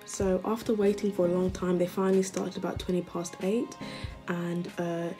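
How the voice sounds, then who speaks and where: A woman vlogger chatting casually and gushing like an excited fan. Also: lowish voice, moderate pace, faint music behind. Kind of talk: casual chat.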